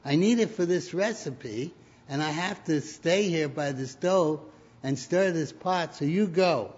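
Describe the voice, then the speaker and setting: A man voicing a patient mother who softly coaxes her son in a story told during a sermon. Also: on the high side, measured pace, breathy edge. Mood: coaxing. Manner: soft, reassuring. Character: patient, gently coaxing mother. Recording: dull lo-fi recording.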